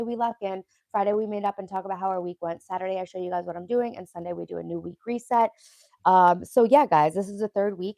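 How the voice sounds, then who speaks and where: A young woman hosting a casual livestream, chatting loosely and stopping to answer her viewers' comments. Her lowish voice has a gravelly edge. The sound is close and dry, with no room around it. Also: no echo. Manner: chatty, rambling, reads and answers chat. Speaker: livestream host.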